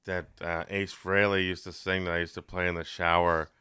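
A man chats on a podcast, asking his friends for stories and humming bits of old songs. His voice is smooth and resonant at a middle pitch. The sound is close and dry. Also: level tone, a little fast, sharp tone, dry recording. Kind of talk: casual chat.

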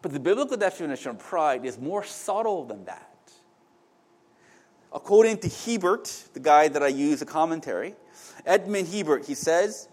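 Lively, animated male preacher. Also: on the high side. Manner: conversational, asides to the congregation, many restarts. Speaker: pastor. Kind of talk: sermon.

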